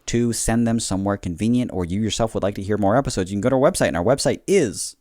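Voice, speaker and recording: A man's voice: fairly low pitch, fast talker, darkish tone, no room sound, studio quality. A man, co-hosting a podcast in casual chat, playful and teasing, laughing often. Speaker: podcast co-host.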